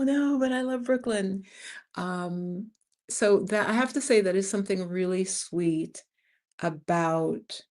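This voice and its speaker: A woman over fifty from the United States, hosting a casual livestream and chatting with viewers, telling stories with lively acted-out quotes. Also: on the low side. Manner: animated storyteller, acts out other people's lines. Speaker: livestream host. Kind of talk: casual live-chat talk to viewers.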